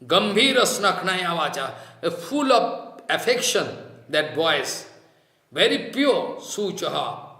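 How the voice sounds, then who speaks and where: High-voiced man giving a reflective sermon. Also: big pitch swings, sharp tone. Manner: slow and reflective, chanting Sanskrit verses and explaining them. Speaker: spiritual teacher. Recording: roomy echo.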